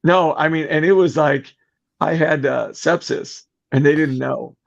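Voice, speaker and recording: A middle-aged man telling a long personal story as a podcast guest, animated and acting out the voices of the people in it. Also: fairly high pitch, measured pace, gravelly. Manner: animated, acts out quoted voices. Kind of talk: casual storytelling. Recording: muffled lo-fi podcast audio.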